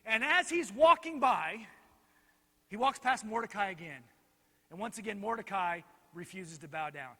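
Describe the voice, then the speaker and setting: A male pastor telling a Bible story in an animated, joking way while directing helpers on stage, in a reverberant church hall. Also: sits high, moderate pace. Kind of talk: children's Bible lesson storytelling.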